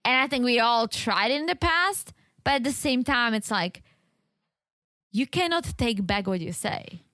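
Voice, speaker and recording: A woman with a fairly high voice talks through a reality-show recap in casual chat. She is animated and keeps slipping into quoted voices. Her podcast mic sounds close and dry. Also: measured pace, no room sound. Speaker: podcast co-host.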